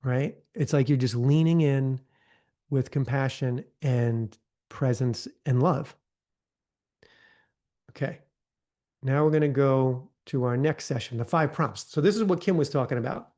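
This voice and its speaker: A man's voice: mid-range voice, measured pace, pauses often, mellow. A man leading a live online training, coaching in a conversational way and often checking in with "okay?" and "right?". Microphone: video call.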